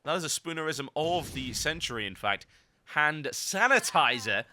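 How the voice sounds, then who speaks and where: A man's voice: fairly high pitch, animated, fairly quick, pushed and bright, a little hiss or hum. A man giving sarcastic, ranting commentary over a video game guide, with mock-grandiose asides. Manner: theatrical mock-grandiose lines. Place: voice-over recorded over game footage.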